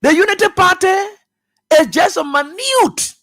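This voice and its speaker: A man rails on air as a radio talk show host. His political commentary is fiery, jumping from near-shouting to quiet grumbles. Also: animated, moderate pace. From Liberia. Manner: fiery, swinging from loud outbursts to low muttering. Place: radio studio.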